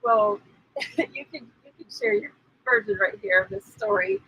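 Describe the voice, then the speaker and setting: Animated high-voiced woman telling a story. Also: normal speed, vocal fry, no room sound, poor audio. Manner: animated, acts out quoted voices, laughs often. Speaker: spiritual teacher co-host. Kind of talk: casual storytelling.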